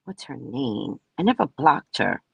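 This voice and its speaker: A woman's voice: rumbling low, sing-song, unhurried, creaky, husky, no echo, dull audio. A woman psychic reader telling a story on a casual live stream, brash, profane and mocking.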